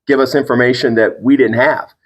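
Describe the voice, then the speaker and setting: A middle-aged man hosting a family podcast, speaking earnestly and with encouragement. His voice sits at an ordinary middle pitch, and he talks through things in a reflective, conversational way with his son. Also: fairly even intonation, fairly quick, breathy edge. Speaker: podcast host, father. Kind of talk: casual conversation.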